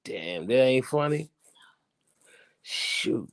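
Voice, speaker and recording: A man hosting a casual current-events commentary, teasing and theatrical, swinging between loud outbursts and hushed asides. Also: lowish voice, sing-song, takes it slowly, creaky, long pauses. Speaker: host.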